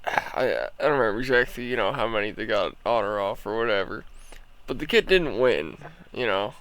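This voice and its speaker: A man's voice: on the low side, animated, fairly quick, fairly bright tone, smooth, no echo, rough recording. A man co-hosting a casual podcast, talking bluntly and swearing freely about carnival game customers. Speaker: co-host, carnival game attendant.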